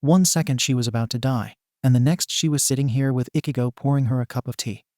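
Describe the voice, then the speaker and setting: Brief: male narrator reading fan fiction, steady delivery, warm dark tone, dry close mic. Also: medium pitch, quick pace, no echo.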